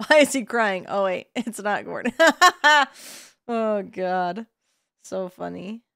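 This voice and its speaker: A woman's voice: mid-range voice, lively intonation, takes it slowly, gravelly, bright, forceful tone, smooth, no echo, clean studio sound. A young woman streaming a game, joking with crude asides and chatting casually.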